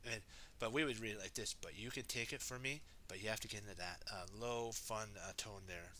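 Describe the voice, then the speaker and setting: A man's voice: fairly low pitch, brisk, bright, forceful tone. A man reading a children's storybook aloud, chatting with his viewers and asking them to comment. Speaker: storybook reader.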